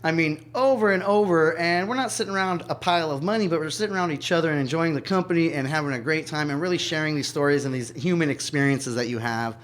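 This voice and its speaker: A man's voice: fairly high pitch, quick pace, few pauses, a bit bright. A man in his thirties hosting a podcast, asking reflective questions about his guest's life. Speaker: podcast host. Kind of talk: casual interview.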